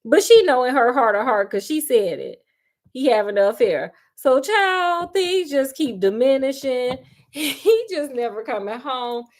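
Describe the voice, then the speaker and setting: A woman's voice: sits high, lively intonation, unhurried, a little mellow. A woman retelling a story in a sassy, chatty way, calling her listeners honey and child, with frequent laughs. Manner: laughs often.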